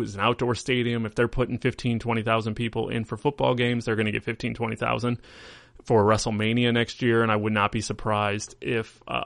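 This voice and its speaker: A man's voice: fairly low pitch, gravelly, dry recording. A man hosting a podcast, telling stories in a rambling, casual way full of fillers. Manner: rambling, filler-heavy storytelling. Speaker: podcast host. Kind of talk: casual chat.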